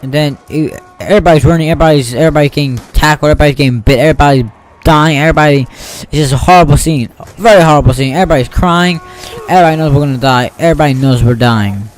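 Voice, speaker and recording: A man casually telling a made-up story over gameplay, rambling and excitable, acting out sound effects. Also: a little high, very fast, faint music behind. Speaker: gaming YouTuber.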